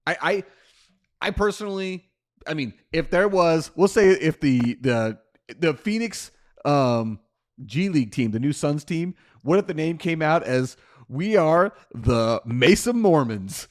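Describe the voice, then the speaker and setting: A man co-hosting a casual sports talk show, animated and quick to jump into high exclamations. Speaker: podcast co-host.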